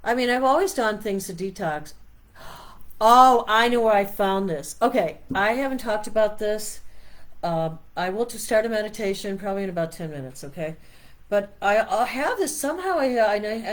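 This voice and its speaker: A woman's voice: mid-range voice, animated, normal speed. A middle-aged woman hosting a meditation stream, chatting casually and rambling as she reads product labels aloud. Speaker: meditation host. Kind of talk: casual live-stream chat.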